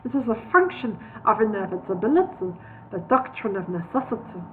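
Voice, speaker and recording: A woman voicing a sulky, self-pitying male cave creature with a froglike look, speaking low and glum, on a tinny phone-like recording. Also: big pitch swings, a little fast, slight background noise, lightly acted. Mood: morose. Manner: morose, self-pitying, peevish.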